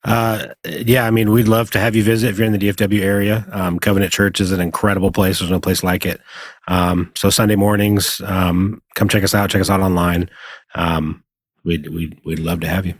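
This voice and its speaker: A man, a church production guest, inviting listeners in a relaxed way with fillers. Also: sits low, a little fast, no echo, clean studio sound. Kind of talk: casual podcast interview.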